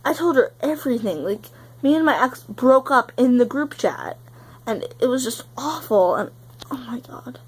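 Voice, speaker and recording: A woman's voice: high-pitched, very animated, normal speed, husky, poor audio. A young woman in her teens vlogging, upset and close to tears, rambling and saying "like" a lot. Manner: tearful, rambling, heavy use of "like". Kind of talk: emotional confessional vlog.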